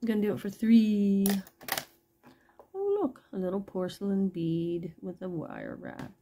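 An online jewelry seller chats with her viewers during a casual live sale, showing pieces one by one and saying each price aloud. Her mid-range voice is gravelly, husky, and dark-toned, with huge pitch swings, a measured pace, and slight background noise.

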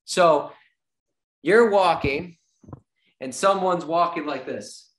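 A man giving an energetic sales training talk, repeating his key points like a coach and acting out little dialogues with clients. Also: a little high, takes it slowly. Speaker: real estate sales trainer.

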